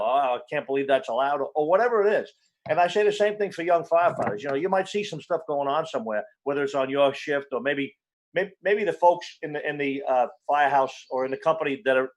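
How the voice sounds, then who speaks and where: A man, a fire chief and panel guest on a video call, giving blunt, earnest advice with frequent restarts. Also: fairly high pitch. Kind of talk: casual online panel chat.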